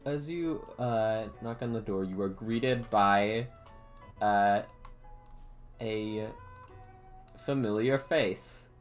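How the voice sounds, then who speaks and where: A man running a tabletop game as dungeon master, narrating haltingly with many fillers. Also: on the low side, soft background music. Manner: halting, full of fillers and laughs.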